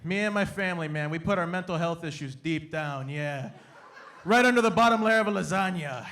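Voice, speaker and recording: A young man from Canada doing an animated, playful stand-up comedy set on a stage, acting out his family in quick bits. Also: a little high. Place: comedy stage before a live audience.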